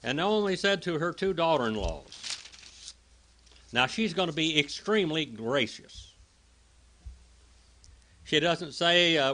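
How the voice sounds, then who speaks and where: Preacher, male, bright, clear tone; reads verses, then chats through them. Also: a little high, expressive, slow, long pauses. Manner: conversational Bible teaching, reads scripture then explains it. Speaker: pastor. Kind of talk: sermon.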